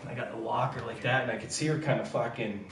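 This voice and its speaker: Man, casual storyteller, heavy cursing; roomy, distant pickup over loud music. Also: mid-range voice, fast. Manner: profane, animated anecdotes. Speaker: streamer chatting with a friend. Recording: echoey room, far from mic, loud music behind.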